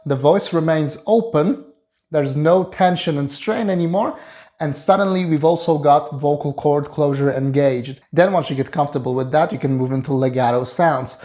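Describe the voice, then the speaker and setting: A man who is a vocal coach, explaining singing technique in a calm, instructive way. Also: a little high, normal speed. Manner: explains calmly, then sings short staccato and fry demonstrations. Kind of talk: singing lesson with sung demonstrations.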